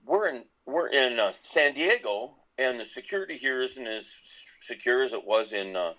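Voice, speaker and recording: A middle-aged man tells a long story on a podcast in a loose, rambling way. He restarts his sentences again and again, and his voice sits at an ordinary middle pitch. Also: expressive, moderate pace, pushed and bright, poor audio. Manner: rambling with many restarts and laughs. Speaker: podcast guest, musician. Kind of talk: casual storytelling.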